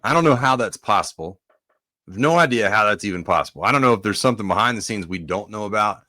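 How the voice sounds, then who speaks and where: A man's voice: lowish voice, animated, fast talker, pushed and bright, no echo, clean studio sound. A man co-hosting a casual sports podcast, a former player rambling with plenty of fillers.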